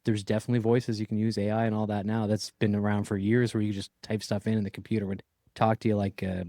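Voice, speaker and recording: A man's voice: lowish voice, little pitch movement, fast talker, dark tone, no echo, studio quality. A man co-hosting a podcast, chatting in a rambling, joking way from a job trailer. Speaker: podcast co-host. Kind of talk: casual chat.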